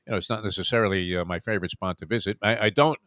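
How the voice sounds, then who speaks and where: A man hosts a studio radio talk show, rattling along quickly in a low voice. He teases and jokes with his guest in easy banter. The sound is dry and close. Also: fairly bright tone, no room sound.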